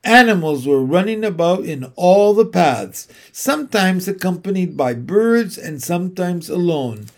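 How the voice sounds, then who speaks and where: Slow, expressive male storybook narrator. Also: high voice. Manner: unhurried, expressive reading. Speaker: audiobook narrator. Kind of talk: storybook read aloud.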